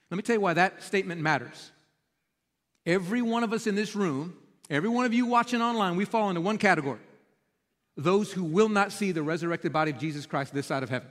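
A male pastor preaching a sermon, telling the story in an animated, emphatic way in a church sanctuary. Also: high-pitched, quick pace, in a large hall.

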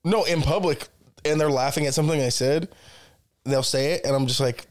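A man's voice: medium pitch, fairly quick. A man co-hosting a podcast in casual chat, swearing constantly and joking crudely. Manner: crude, profanity-heavy joking banter. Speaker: podcast co-host.

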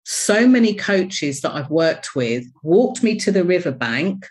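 A woman's voice: lowish voice, very animated, measured pace, a little mellow. A woman who works as a business coach, speaking as an interview guest and telling personal stories candidly and expressively. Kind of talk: reflective personal storytelling.

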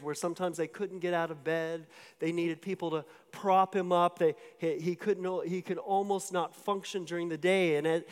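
A man with a fairly high voice preaches a sermon in a casual, storytelling way, often stumbling and restarting his sentences. His words ring out in a large hall with a long echo. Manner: conversational storytelling with many restarts and asides.

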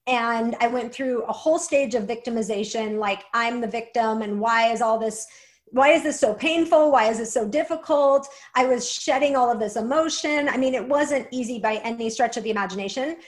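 A young adult woman, a guest and author, telling a personal story earnestly with many "like" fillers. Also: fairly high pitch. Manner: earnest, fast, lots of "like" fillers.

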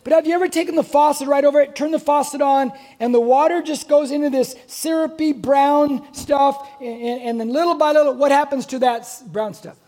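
High-voiced playful man preaching. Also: steady tone, fairly quick, hardly any pauses, dark tone. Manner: conversational, playful, asks the congregation questions. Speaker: pastor. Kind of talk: sermon. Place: church hall with congregation.

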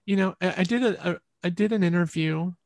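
Gravelly-voiced woman telling an earnest story. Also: on the low side, a little mellow, no echo. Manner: earnest, halting, with many restarts and repeated words. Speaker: podcast guest. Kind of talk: emotional personal storytelling.

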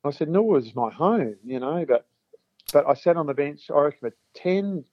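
A man's voice: a little high, lively intonation, moderate pace, dry recording. Man, rambling football yarns, dry dull-sounding recording. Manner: chatty, repeats words, acts out quotes. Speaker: former footballer guest. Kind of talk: storytelling interview.

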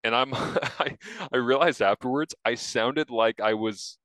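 A man hosting a casual football talk show, upbeat and chatty and quick to laugh. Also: mid-range voice, a bit bright, clear, resonant tone, dry recording, low-quality recording. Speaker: podcast host and football analyst. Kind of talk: casual sports chat.

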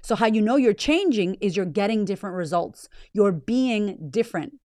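A woman's voice: mid-range voice, animated, moderate pace, warm tone, no echo, studio quality. A woman hosting a motivational podcast, talking bluntly and emphatically with lots of swearing and repeated phrases. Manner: blunt, heavily profane, emphatic and raw. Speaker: podcast host and business owner.

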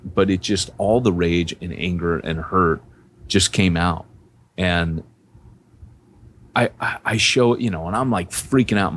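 A man's voice: low voice, a little hiss or hum. A man co-hosting a podcast, telling a personal story in a casual, rambling way with many restarts. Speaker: podcast co-host, church planter.

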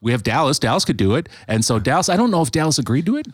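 A man hosting a podcast in a studio, chatting casually and haltingly, with frequent restarts. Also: on the high side, big pitch swings, dry recording. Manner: halting, many restarts and fillers. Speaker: podcast host. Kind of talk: casual chat.

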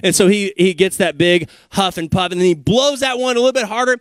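A man's voice: sits high, brisk, no echo. A male pastor giving a sermon in a casual, conversational way, prompting the congregation.

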